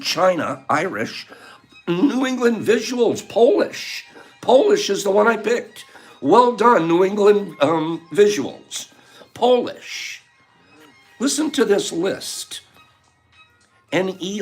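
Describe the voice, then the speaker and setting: A man hosting a casual livestream, chatting and answering viewer comments. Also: sits high. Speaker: livestream host. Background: faint background music.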